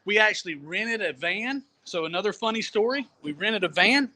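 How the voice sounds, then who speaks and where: A man telling a travel story in a casual, animated way, often laughing and repeating words as he goes. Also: high-pitched, normal speed. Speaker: storyteller guest. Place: Jamaica.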